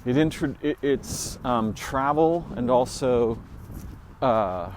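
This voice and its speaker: Rambling man musing slowly aloud. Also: mid-range voice, a little hiss or hum. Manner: rambling and speculative, with frequent fillers and restarts. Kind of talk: solo spoken musing recording.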